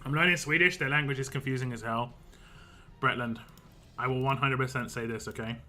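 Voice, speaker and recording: A man's voice: mid-range voice, steady tone, fairly quick, pushed and bright. A man, a game streamer, chatting casually and rambling on a live stream, laughing often.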